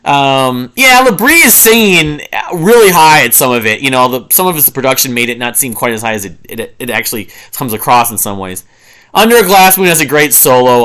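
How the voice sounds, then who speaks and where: Man, forties, music reviewer; bright, forward tone, rambling and enthusiastic, hums riffs. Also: medium pitch. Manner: rambling and enthusiastic, many fillers and restarts; hums and sings riffs to illustrate. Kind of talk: casual album review monologue.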